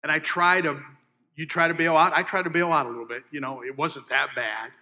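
A man preaching a sermon, asking his listeners questions and swinging between loud emphasis and hushed asides. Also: fairly high pitch, steady tone, a little fast. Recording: long hall reverb.

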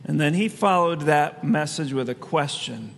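A man's voice: a little high, moderate pace, creaky, long reverb tail, a little hiss or hum. A man preaching a sermon as pastor, in a conversational way with asides he laughs at himself.

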